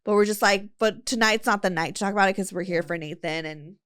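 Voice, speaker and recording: A woman's voice: medium pitch, fast talker, a bit bright, clear, resonant tone. Chatty woman telling a podcast story. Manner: chatty storyteller, lots of fillers and quoting friends. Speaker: podcast host. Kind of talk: casual chat.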